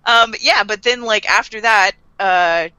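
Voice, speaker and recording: A woman's voice: mid-range voice, measured pace, clear, resonant tone, no room sound. A woman casually recapping an anime episode, laughing often and acting out characters' lines. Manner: animated retelling with laughs and voiced quotes. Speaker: podcast co-host.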